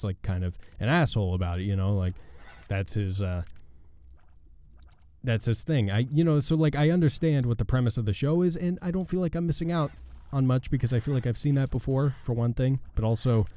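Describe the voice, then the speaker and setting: A man hosting a gaming channel, chatting casually and rambling with halting, sarcastic asides over gameplay. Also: medium pitch, mellow.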